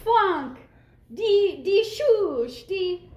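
A woman's voice: sits high, sing-song, slow pace, sharp tone, echoey room, voice pushed up, full character voice. A woman voicing a young woman in disguise who shrieks fake foreign gibberish. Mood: shrill.

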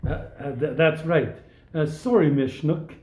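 A man reading the part of a slow-witted male gangster in a play read-through. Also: on the high side, darkish tone, lightly acted. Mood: dopey. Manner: slow, dopey, hesitant. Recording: dull echoey recording.

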